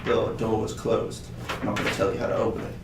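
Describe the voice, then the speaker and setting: A tipsy, secretive treasure hunter, played by a man leans in and rambles in hushed, conspiratorial tones. The sound is roomy and distant, with faint noise behind it. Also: fairly low pitch, level tone, fast, lightly acted. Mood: drunk, secretive.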